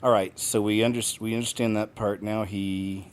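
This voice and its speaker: A man's voice: lowish voice, flat delivery, moderate pace. A man hosting a show, speaking casually as he introduces clips and skips ahead. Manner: offhand, narrating what he plays next. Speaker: host. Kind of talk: casual commentary between clips.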